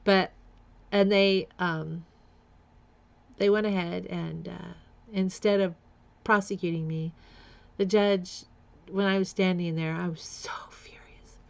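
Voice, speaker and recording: A middle-aged woman speaks in a gravelly voice with some vocal fry. She recounts her own past candidly and bluntly, breaking into laughter between lines. The recording is a little dull and lo-fi. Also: lowish voice, steady tone, slow pace, pauses often. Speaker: vlogger. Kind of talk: personal storytelling vlog.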